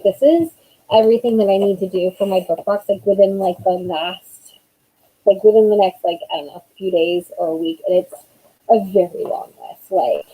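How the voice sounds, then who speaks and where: A woman's voice: medium pitch, warm tone, slightly rough, low-quality recording. A woman in her thirties, an author chatting casually on a live stream, rambling with lots of fillers.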